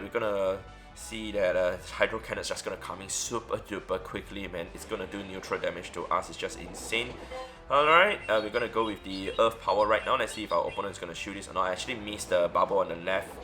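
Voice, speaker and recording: Young man, lowish bright voice, relaxed gameplay commentary with fillers. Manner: relaxed, thinking aloud with fillers. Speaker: gaming YouTuber.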